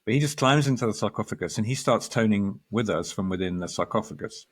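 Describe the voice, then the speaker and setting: Lower-voiced man telling a vivid story. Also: fast talker, slightly rough. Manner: animated storyteller, quotes others, restarts often. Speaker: guest astrologer. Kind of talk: storytelling in conversation.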